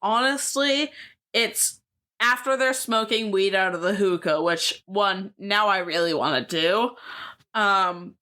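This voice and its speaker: A woman's voice: medium pitch, takes it slowly, sharp tone. A young woman co-hosting a podcast in casual chat, laid-back and swearing freely. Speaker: podcast co-host.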